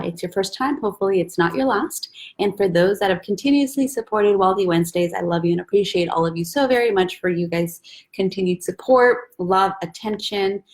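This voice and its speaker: A woman's voice: mid-range voice, a little mellow. A chatty young woman hosts a live stream from her home, reading out viewers' names and greeting each in turn. Her talk is loose and casual, full of small asides, picked up on a phone or webcam mic. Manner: chatty, greets viewers by name one after another. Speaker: host of a weekly live stream. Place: at home, husband and baby in the back.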